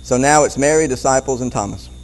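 A man preaching a Bible-teaching sermon, animated, often repeating words and chuckling as he goes. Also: mid-range voice, fast talker, low-quality recording.

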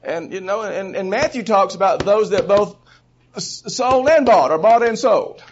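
A high-pitched man preaching in a lively, storytelling way, dropping to quiet asides and then climbing to loud bursts. He chuckles between points. The recording sounds dull and lo-fi, with the top end muffled. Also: normal speed, slight background noise. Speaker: preacher teaching a Bible session. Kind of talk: sermon teaching.

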